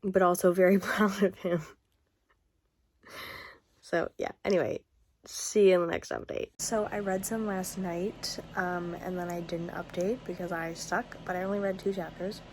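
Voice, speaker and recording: A woman's voice: on the low side, noisy background. Rambling young woman book vlogger. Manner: rambling and gushing, with many fillers and restarts. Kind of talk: casual video diary.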